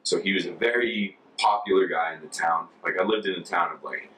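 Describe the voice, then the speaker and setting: A young American man in his twenties, a former volunteer, telling stories casually in an interview, chatty and relaxed. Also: sits low, fairly quick. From United States. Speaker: former Peace Corps volunteer. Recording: distant mic with faint ambience.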